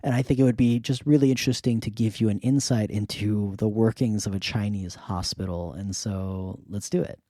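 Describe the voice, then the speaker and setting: A man's voice: on the low side, normal speed, hardly any pauses, no echo, clean studio sound. A man hosting a podcast, short of breath from illness, telling casual stories and acting out what others said. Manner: relaxed, anecdotal, acts out others' quotes. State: sick with pneumonia, short of breath. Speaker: podcast host. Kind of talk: casual storytelling.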